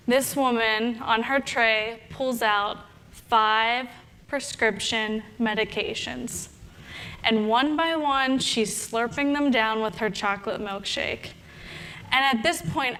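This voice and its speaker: A young adult woman, a health coach, telling a story in a talk and acting out her own inner thoughts with animated delivery. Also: fairly high pitch, clear, resonant tone.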